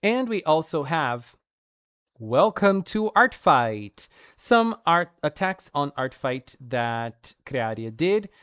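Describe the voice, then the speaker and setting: A woman's voice: deep voice, very animated, takes it slowly, fairly bright tone, smooth. A woman streamer gushing playfully over fan art in a casual showcase, laughing often.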